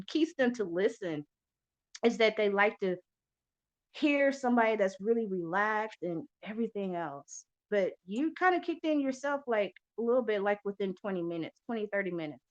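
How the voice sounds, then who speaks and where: A woman hosting a podcast in loose casual chat, rambling and swearing freely with lots of fillers. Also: fairly high pitch. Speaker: podcast host. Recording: lo-fi muffled audio.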